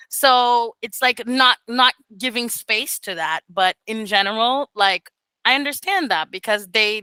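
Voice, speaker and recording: Woman mentor, animated, casual, a little high, dry sound. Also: clear, resonant tone, no echo, low-quality recording. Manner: animated, laughs often, swears casually. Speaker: mentor for beginner English teachers. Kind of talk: casual teaching talk on a video call.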